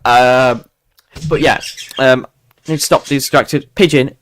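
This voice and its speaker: A man from Yorkshire, England, with a mild local accent, hosts a live weather forecast stream, rambling and chatting with plenty of fillers and restarts. His voice sits on the high side and moves slowly with frequent pauses, and there's a faint hiss or hum in the recording.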